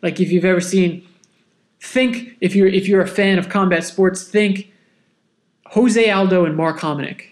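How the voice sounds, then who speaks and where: A man hosting a podcast, telling a personal story in a casual, animated, self-mocking way. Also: high-pitched, a little slow. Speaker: podcast host.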